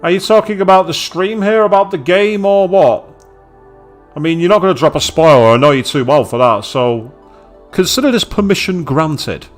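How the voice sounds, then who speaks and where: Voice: medium pitch, a little fast, soft background music. A streamer playing a visual novel blind, reading it aloud and chatting to viewers. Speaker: let's play streamer.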